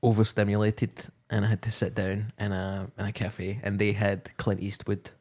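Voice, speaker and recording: A man's voice: fairly low pitch, flat delivery, moderate pace, a little mellow. A man, co-hosting a podcast and telling rambling, jokey stories in casual chat. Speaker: podcast co-host.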